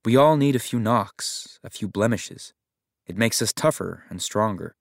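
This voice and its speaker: A man's voice: on the low side, lively intonation, unhurried, gravelly, no room sound, studio quality, heavily acted. A man reading a story voices a confident, commanding woman who dotes on a hurt child, with a Texan drawl. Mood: encouraging. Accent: Texan drawl put on. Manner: warm teasing and emphatic. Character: glamorous confident woman aunt, commanding and doting.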